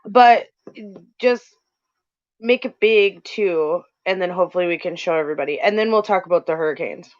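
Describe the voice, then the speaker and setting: A woman from North Dakota co-hosting a casual livestream chat, talking in quick bursts. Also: lowish voice, dry recording. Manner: chatty, talks fast in bursts. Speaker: co-host. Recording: dull lo-fi stream audio.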